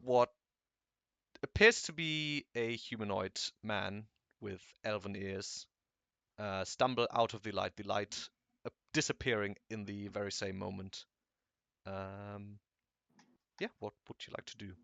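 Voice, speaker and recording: Slow, gravelly male game master. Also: lowish voice, steady tone, bright, forceful tone, no echo. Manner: hesitant, with many fillers. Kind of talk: narrating a tabletop game.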